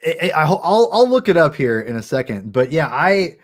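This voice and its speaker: A man hosting a casual stream, excitable and loose, using slang and stumbling over restarts. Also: on the high side, moderate pace. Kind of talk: casual chat.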